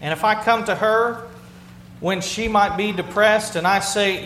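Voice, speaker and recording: A man's voice: high-pitched, measured pace, a bit bright. Male pastor, plain-spoken and earnest, repeats himself as he preaches; echoey sanctuary sound. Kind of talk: conversational sermon. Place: church sanctuary with a congregation. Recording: roomy hall sound with faint hum.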